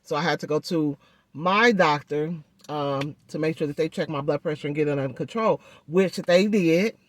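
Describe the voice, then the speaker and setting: A woman's voice: low-pitched, moderate pace, no echo. A woman talks straight to her viewers in a loose, chatty vlog manner, often calling them "y'all". Her words come out thick and muffled because her jaw is swollen and gauze fills her mouth. The recording is dry and close, with no room sound. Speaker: vlogger. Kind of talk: casual vlog chat.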